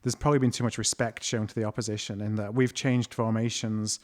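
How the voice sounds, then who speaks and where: A man co-hosting a casual podcast, speaking in a measured, thoughtful way with occasional fillers. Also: fairly low pitch, flat delivery. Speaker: podcast co-host, football supporter.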